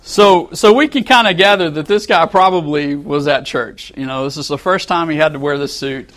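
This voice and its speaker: A man preaching a sermon, telling a story with animated delivery and acting out the angry quotes as he chuckles along with his congregation. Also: on the high side, moderate pace.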